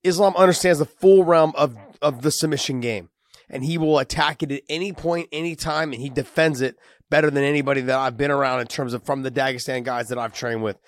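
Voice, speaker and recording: A man talks through fight matchups in a casual, emphatic ramble, his voice raspy from a cold. His pitch sits in a middling range. The sound is close and dry, with no room in it. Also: fairly even intonation, fairly quick, no echo. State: has a cold, raspy voice and coughing. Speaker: co-host, fighter analyst. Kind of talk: casual fight breakdown chat.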